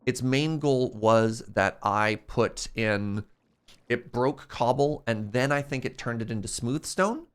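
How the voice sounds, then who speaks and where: A young adult man chatting loosely as he plays, thinking out loud and musing over what to build next. His pitch sits in the middle but swings up and down a lot. He wanders from one idea to the next in casual stream commentary. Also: animated, takes it slowly, smooth. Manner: thinking aloud, rambling and musing. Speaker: streamer playing a modded block game.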